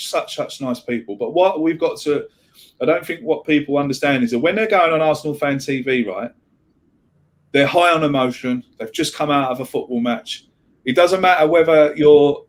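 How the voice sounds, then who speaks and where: A man chats on a podcast with a slightly high voice. He rambles, repeats words as he restarts his sentences, and swears casually. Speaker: podcast co-host. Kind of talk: casual chat.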